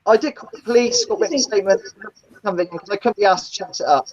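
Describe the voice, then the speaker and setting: A woman tells gritty stories in casual chat. She is blunt and swears freely, and she acts out the people she describes with a very lively pitch. The stream audio sounds dull and lo-fi. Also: quick pace. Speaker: guest, former taxi driver. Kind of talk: casual storytelling in a live chat.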